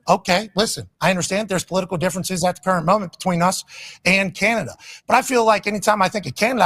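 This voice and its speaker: This is a man from Pittsburgh with a high-pitched voice and a gravelly edge. He talks in a blunt, profane, rambling way, like an impassioned on-air monologue. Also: a bit bright. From Pittsburgh, Pennsylvania, USA.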